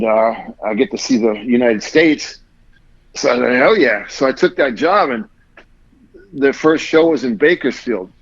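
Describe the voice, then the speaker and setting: A man appearing as a podcast guest spins a long, rambling tale in casual talk, cursing often and performing other people's lines. He speaks at a medium pitch, and the recording has its high frequencies cut off.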